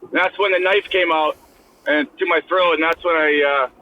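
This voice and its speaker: A man's voice: on the high side, steady tone, moderate pace, phone-quality sound, slight background noise. A man who is a guest on a podcast, bluntly retelling a fight story in casual chat with a lot of swearing. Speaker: guest, former hockey player.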